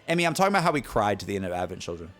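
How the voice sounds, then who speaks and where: Young adult male streamer, animated, lively pitch swings, faint music under. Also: very fast. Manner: animated, excitable, restarts and "like" a lot. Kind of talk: casual stream chat to viewers.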